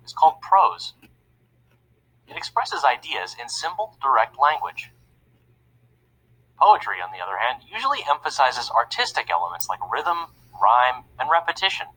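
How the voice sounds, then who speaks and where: A man's voice: medium pitch, pushed and bright, husky, full character voice, poor audio. A man voicing a friendly young male narrator of an educational cartoon, upbeat and chatty as he explains things plainly.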